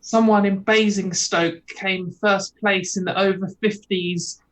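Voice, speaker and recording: A woman's voice: mid-range voice, steady tone, unhurried, rough recording. Rambling British woman on a video call. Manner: rambling, full of "like" and "you know", wry. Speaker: guest. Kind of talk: casual chat.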